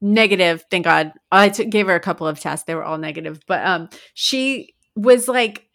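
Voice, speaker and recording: Chatty mom telling a story. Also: female voice, fairly low pitch, normal speed, creaky, a bit bright. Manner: chatty storyteller, acts out her kids' lines, laughs often. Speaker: podcast co-host. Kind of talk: casual chat.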